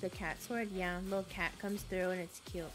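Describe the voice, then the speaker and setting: A woman's voice: lowish voice, steady tone, moderate pace, music in the background. A young woman chatting casually and giggling as she streams a farming game. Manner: chatty, giggly, easily distracted. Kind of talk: casual gaming livestream chat.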